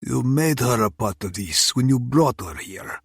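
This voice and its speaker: A man's voice: medium pitch, lively intonation, measured pace, creaky, breathy edge, no room sound, clean studio sound, pitched above the performer's own voice, full character voice. A man voicing a cold, taunting, middle-aged male crime boss in an audiobook. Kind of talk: audiobook character voice.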